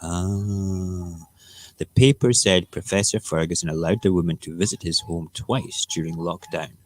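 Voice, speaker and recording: A man's voice: low voice, measured pace. A man hosting a casual morning talk show, ranting and rambling in an opinionated way. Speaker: radio show host.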